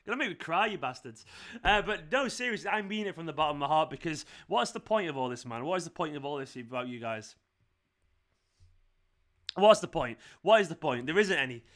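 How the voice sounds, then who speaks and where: High, bright-voiced young man. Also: expressive, fairly quick. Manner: gushing, heartfelt, rambling. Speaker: fan channel host. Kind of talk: emotional live stream chat.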